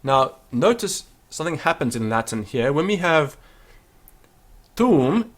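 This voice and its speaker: A man giving a Latin pronunciation lesson, chanting each phrase slowly and then explaining the sounds. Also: mid-range voice, expressive, a bit bright. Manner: slow, deliberate, sings out each Latin word then explains. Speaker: Latin teacher.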